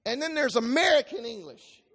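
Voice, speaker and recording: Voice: high-pitched, very animated, normal speed, a bit bright, breathy edge. A preacher giving an expository sermon, reading scripture aloud and explaining it line by line with emphasis. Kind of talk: expository Bible-teaching sermon.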